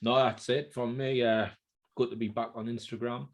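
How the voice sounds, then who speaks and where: A man trades blunt, swearing banter during a casual podcast chat over beers. His voice sits at an ordinary middle pitch. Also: little pitch movement, moderate pace. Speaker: podcast co-host.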